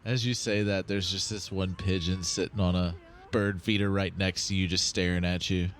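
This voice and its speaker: A man's voice: low voice, flat delivery, normal speed. A man narrating as game master of a tabletop game, laughing as he describes the scenes.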